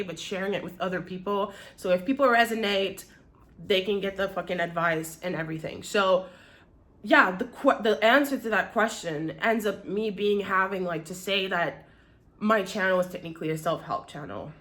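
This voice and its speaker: A woman's voice: mid-range voice, fairly bright tone. Rambling, candid young woman vlogging. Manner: rambling, candid, swears often. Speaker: YouTuber. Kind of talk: casual confessional vlog.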